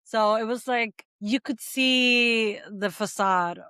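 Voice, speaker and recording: A woman from the Caribbean, a podcast guest, talking in quick, animated bursts full of fillers in casual chat. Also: fairly high pitch, smooth, no room sound, clean studio sound.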